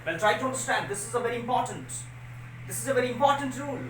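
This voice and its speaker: Woman, earnest repeating grammar teacher; higher voice, distant mic in an echoing room. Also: racing, a little hiss or hum. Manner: repetitive, earnest explaining, stressing rules. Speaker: English teacher. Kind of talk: classroom lecture on grammar. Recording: roomy sound, voice away from mic.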